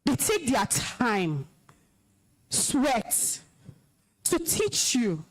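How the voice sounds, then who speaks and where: Nigerian woman, high voice, lively swooping pitch, commanding, scolding an assembly. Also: drawn-out words, rough recording. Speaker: alumna guest speaker, compere. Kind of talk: stern address to students. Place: school hall, live event.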